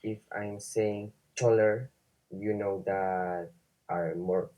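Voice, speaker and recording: A man's voice: on the low side, steady tone, slow pace, muffled recording. A man, a student in class, asking a question hesitantly and searching for his words.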